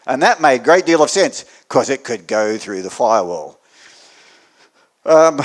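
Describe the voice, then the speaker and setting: A man with an Australian accent giving a technical meetup talk to an audience, with dry joking asides and swings in loudness. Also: medium pitch. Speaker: conference speaker. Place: meetup venue before an audience.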